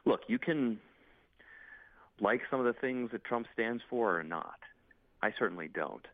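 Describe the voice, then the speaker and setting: A man's voice: mid-range voice, animated, a little slow, no echo. A congressman and military veteran speaking urgently and emphatically as a guest in a news interview. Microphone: phone. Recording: dry tinny phone line.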